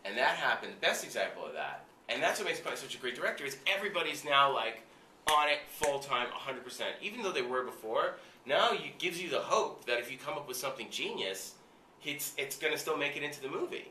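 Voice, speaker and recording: Animated man telling stories in a roomy space. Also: medium pitch, fast talker, a little hiss or hum. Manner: animated, heavy filler "like", frequent swearing. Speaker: guest recalling film work. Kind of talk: casual anecdote telling. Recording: roomy, distant mic with faint ambience.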